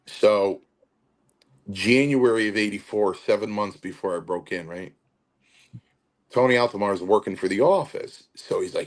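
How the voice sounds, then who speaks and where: A man's voice: fairly low pitch, normal speed. A man telling stories in casual chat as a guest, acting out quotes with animation. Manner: animated storyteller, acts out quotes. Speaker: wrestling podcast guest.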